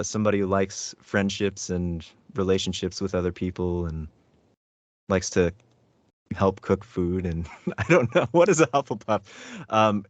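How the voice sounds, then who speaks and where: Guy with a lowish voice, rambly and unsure, dull dry sound. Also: a bit bright, no echo. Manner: hesitant, rambling with fillers and laughs. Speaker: voice actor guest. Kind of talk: casual interview chat.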